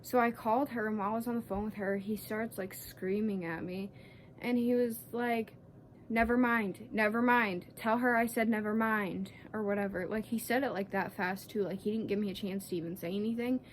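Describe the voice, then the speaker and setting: A woman's voice: mid-range voice, fairly even intonation, fairly quick, darkish tone, slight background noise. A sixteen-year-old girl telling a story in a chatty, casual vlog, fired up and swearing freely. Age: teens. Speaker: vlogger.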